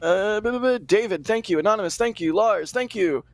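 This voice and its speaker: A man's voice: high-pitched, fairly quick, dry recording. A man co-hosting a livestream, reading out supporter names one after another with playful asides. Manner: playful, self-deprecating. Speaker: livestream co-host.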